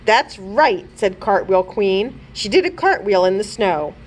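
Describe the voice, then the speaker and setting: A woman children's librarian narrating a chapter book aloud with expressive storytelling. She reads slowly and deliberately, and her pitch rises and falls in a lively, animated way that keeps young listeners hooked.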